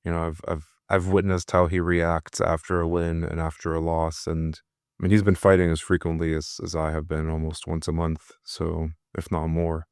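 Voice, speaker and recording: A man's voice: deep voice, completely flat delivery, moderate pace, clear, resonant tone, dry recording, clean studio sound. A man who fights, speaking thoughtfully and candidly in a casual podcast conversation. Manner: thoughtful, candid, with soft laughs.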